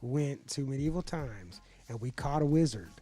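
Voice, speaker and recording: A man's voice: mid-range voice, expressive, normal speed, mellow, faint music behind. A man hosting a casual podcast, telling a wild story with lots of laughter and swearing. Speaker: podcast host.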